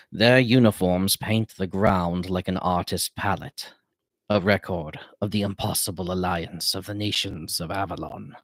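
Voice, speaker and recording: Man reading as a grief-worn old wizard for an audiobook: very deep, slow and heavy, dry close sound. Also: fairly bright tone, dry recording. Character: grieving old male wizard, weary and mournful. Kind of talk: audiobook narration. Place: home.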